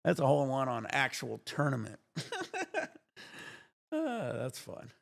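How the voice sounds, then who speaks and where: A man chatting on his own livestream, excitable and swearing freely, with breathless exclamations between his remarks. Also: medium pitch, fairly quick, creaky. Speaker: livestream gamer. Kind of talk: excited casual livestream chat.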